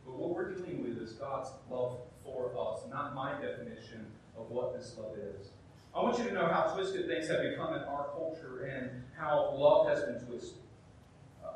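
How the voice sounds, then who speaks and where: A middle-aged man, preaching a sermon as a pastor, emphatic, with rhetorical questions and acted-out asides. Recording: very echoey hall, heard from a distance, faint rumble.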